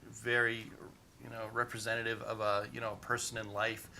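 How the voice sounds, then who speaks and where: A man's voice: on the low side, flat delivery, a little fast, bright, forceful tone, slight background noise. A man running a tabletop game as game master, narrating in a rambling way full of "you know" fillers.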